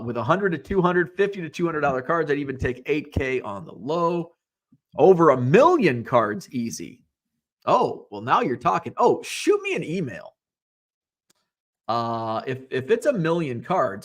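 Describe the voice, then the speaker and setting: Animated rambling male card-show host. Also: medium pitch. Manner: rambling, animated, swears casually, reads chat comments aloud. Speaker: livestream host, sports card dealer. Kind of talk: casual livestream chat and storytelling.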